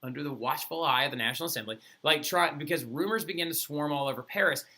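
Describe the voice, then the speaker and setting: A male history teacher giving an animated, casual lecture full of playful asides. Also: fairly high pitch, fast talker.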